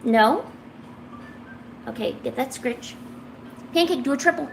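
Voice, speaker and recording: A young woman streaming, coaxing and teasing her cat in a playful, high-pitched baby-talk voice. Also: measured pace, gravelly, slight background noise. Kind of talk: live-stream chat.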